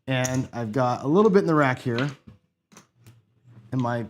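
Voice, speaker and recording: A man talks his way through a craps session at an unhurried pace, counting chips and grumbling at the dice. His pitch sits in the middle for a man. A faint hiss of noise runs under the recording. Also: lively intonation. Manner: frustrated, swearing, muttering to himself. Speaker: craps channel host. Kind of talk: casual play-by-play while gambling.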